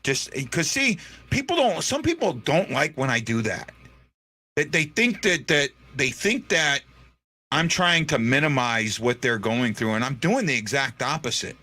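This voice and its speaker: Male host, bright and pressed voice, emotional and halting, on the edge of tears. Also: medium pitch, sing-song. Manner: earnest, repeats himself, halting restarts. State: holding back tears. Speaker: podcast host. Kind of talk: emotional unscripted monologue.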